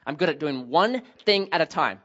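A man in his thirties telling a personal family story as a sermon, animated and self-deprecating, acting out the voices of his family. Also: on the high side, normal speed, muffled recording.

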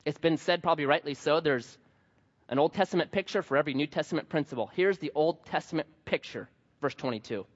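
A man's voice: a little high, quick pace. A man in his thirties preaching a sermon, telling stories and acting out the voices of the people in them. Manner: animated storytelling, acts out voices. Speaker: pastor. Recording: dull sound with long hall reverb.

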